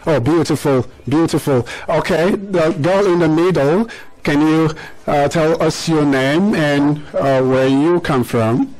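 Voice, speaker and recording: Middle-aged man, radio host, slightly high voice, encouraging and quick with praise. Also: darkish tone, poor audio. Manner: encouraging, quick praise, asks guests to repeat. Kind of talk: radio interview with schoolchildren.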